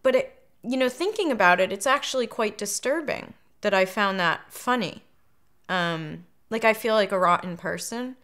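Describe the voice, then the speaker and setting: A woman's voice: mid-range voice, expressive, normal speed, a bit bright. Woman, candid interview talk, hesitant, reflective, ums.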